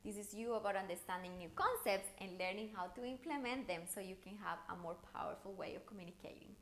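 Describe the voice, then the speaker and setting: A woman coaching viewers through an online challenge lesson, talking in an animated, encouraging way with intonation that rises and falls. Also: mid-range voice, fast, slight background noise. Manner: encouraging, speaks straight to the viewer. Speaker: communication coach.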